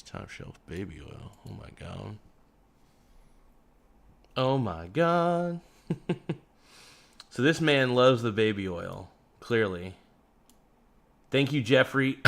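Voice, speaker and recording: A man's voice: fairly low pitch, unhurried, gravelly, long pauses, a bit bright. A young man hosting a casual livestream, reading out chat comments with joking, teasing banter. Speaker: livestream host.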